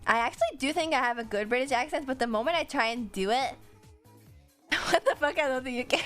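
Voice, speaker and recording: High-voiced, chatty woman streamer. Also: lively intonation, fairly quick, fairly bright tone, soft background music. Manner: chatty, swears freely, answers chat, laughs often. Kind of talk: casual stream chat while drawing.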